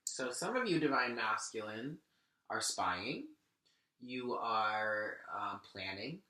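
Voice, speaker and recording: A man's voice: lowish voice, very animated, slow, sharp tone. A man giving a spoken tarot reading, talking earnestly and directly to the listener while shuffling and laying out cards. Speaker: tarot reader. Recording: echoey room.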